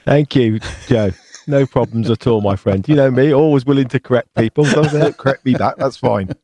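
Wry British correspondent. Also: male voice, mid-range voice, normal speed, dark tone, no echo. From United Kingdom. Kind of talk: casual chat.

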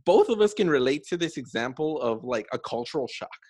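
A man's voice: medium pitch, expressive, fairly quick, a little mellow, breathy edge, no echo. A young man hosting a casual conversation, chatty with many fillers and frequent laughter.

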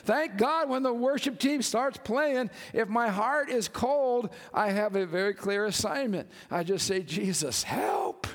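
Brief: high-pitched male pastor, animated sermon, long church reverb. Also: measured pace, few pauses. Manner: animated, joking, calls out to congregation.

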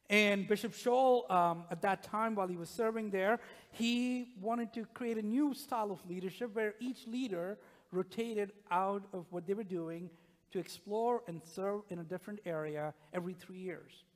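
Man preaching in a reverberant sanctuary. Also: a little high. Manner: conversational, drops to a hushed near-whisper at times. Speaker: pastor. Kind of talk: sermon. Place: church sanctuary. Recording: long reverb of a church sanctuary.

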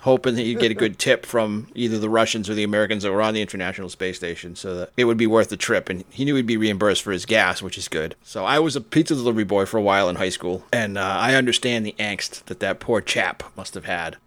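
A man co-hosting a podcast in casual chat, telling animated comic stories. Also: on the low side, fast talker, hardly any pauses, no room sound. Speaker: podcast co-host.

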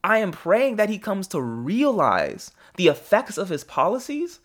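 A man hosting a devotional podcast who asks earnest, pointed questions and then leads a quiet prayer. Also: high voice, huge pitch swings, measured pace. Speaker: podcast host.

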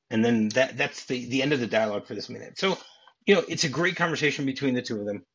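A man's voice: medium pitch, quick pace, fairly bright tone, husky. A man hosting a casual film podcast, eagerly retelling scenes and often restarting his sentences. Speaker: podcast host. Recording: dull lo-fi podcast audio.

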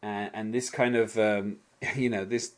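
A man's voice: on the low side, steady tone, measured pace. A man hosting a casual podcast chat, rambling and hedging a lot, often breaking into small laughs.

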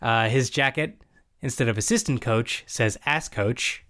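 A man's voice: mid-range voice, unhurried. A man in casual chat, recapping a show's plot and acting out characters' lines as he goes. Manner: animated recapping, acts out quoted lines. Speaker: podcast co-host recapping a show.

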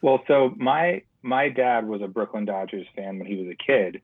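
Man, low husky voice, hesitant casual chat, tinny phone-like line. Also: dry recording. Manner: hesitant, halting. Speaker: guest.

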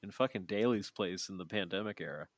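Profane, rambling podcast man, low voice. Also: brisk, no echo. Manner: profane, rambling with many fillers. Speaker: podcast co-host. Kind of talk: casual podcast chat.

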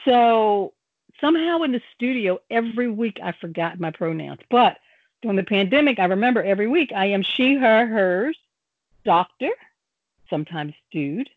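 A woman's voice: mid-range voice, animated, normal speed, narrow, tinny audio, slight background noise. An older woman, a grandmother, hosting a community radio talk show in a playful, chatty way. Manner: playful, jokey, chatty with fillers. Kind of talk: casual radio chat. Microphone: studio microphone.

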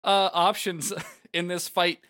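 A man's voice: high voice, little pitch movement, slow pace, pushed and bright, no room sound, studio quality. A man co-hosting a podcast in loose, chatty talk, laughing often and swearing. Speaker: podcast co-host. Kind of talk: casual chat.

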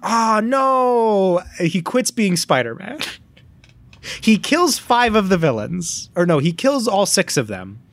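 Unhurried and sitting high in pitch, a male podcast co-host relates a lengthy story in casual conversation. He's animated throughout and performs what the characters said.

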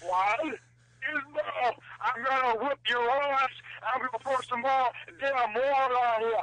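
A man's voice: very high-pitched, fairly even intonation, slow pace, sharp tone, dry recording, voice pushed up, heavily acted, rough recording. A man voicing a small, mean male gremlin with a snarling, threatening delivery over the phone.

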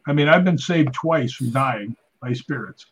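A middle-aged man, a stuntman and paranormal investigator, telling animated stories in casual chat and acting out voices. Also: medium pitch, moderate pace, breathy edge, low-quality recording.

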